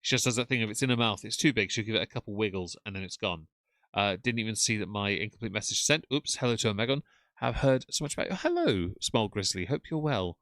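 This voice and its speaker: A man's voice: on the low side, sing-song, fast talker, a bit bright, no room sound, studio quality. A man hosting a casual live stream, chatting and thanking viewers for their messages. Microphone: desk mic with headphones.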